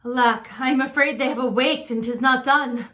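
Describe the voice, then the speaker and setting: A woman's voice: sits high, fairly even intonation, normal speed, sharp tone. A woman playing Lady Macbeth, a bold scheming noblewoman, tense and urgent and dropping to whispers, in an amateur Shakespeare reading.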